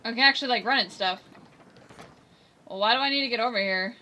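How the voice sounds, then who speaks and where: A woman's voice: on the high side, quick pace, pushed and bright. A woman giving chatty, giggly let's-play commentary, talking back to the game characters. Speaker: gameplay commentator.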